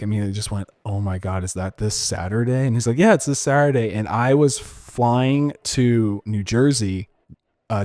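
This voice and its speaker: A man's voice: medium pitch, darkish tone. A young man from San Diego, a DJ guest in a casual interview, telling a story animatedly with many fillers, restarts and laughs. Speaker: guest DJ and producer.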